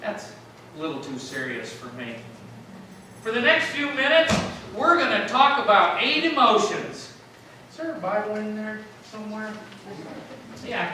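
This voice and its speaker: A man's voice: high voice, background noise. A man preaching a sermon to his congregation in a chatty, joking way, often asking them questions. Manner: chatty, jokey, keeps quizzing the congregation. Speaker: pastor. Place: church sanctuary. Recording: very echoey church, mic at a distance.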